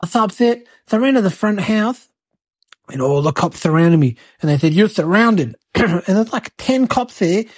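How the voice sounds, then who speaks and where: A woman's voice: mid-range voice, expressive, moderate pace, a little mellow, breathy edge, no echo. A woman voicing a cheeky eight-year-old boy who hosts and tells rambling, exaggerated tall tales. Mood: excitable. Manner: rambling, breathless, childlike exaggeration. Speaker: host. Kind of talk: comic storytelling monologue.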